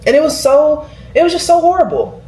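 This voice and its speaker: A woman in her 20s vlogs to camera, chatting and rambling with heavy use of "like." Her high-pitched, mellow voice swings widely in pitch and moves a little fast. The recording has a roomy echo and a slight hiss or hum.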